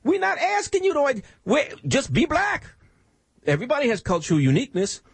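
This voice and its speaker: A man's voice: very high voice, wildly swooping pitch, a little fast, gravelly, no room sound. A man hosting a radio show, talking in an emphatic, preachy monologue full of rhetorical questions. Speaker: radio host.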